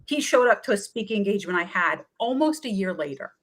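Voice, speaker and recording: Woman, wellness coach, chatty, animated storyteller, acts out quotes. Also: medium pitch, quick pace. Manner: energetic, chatty, often acts out quoted voices. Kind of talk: animated storytelling in a talk-show interview.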